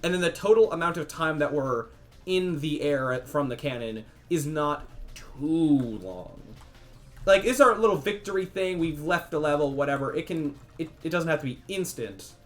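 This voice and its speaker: A man's voice: fairly high pitch, lively intonation, normal speed. A young man streaming game development, thinking aloud casually as he tests values, trailing off and restarting his sentences. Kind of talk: casual livestream thinking aloud while coding.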